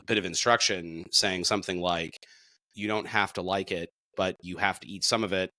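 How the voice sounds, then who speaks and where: Bright, emphatic male co-host. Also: no room sound. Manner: emphatic, gets sharply louder and higher when making a point. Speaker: podcast co-host. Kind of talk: casual reaction discussion.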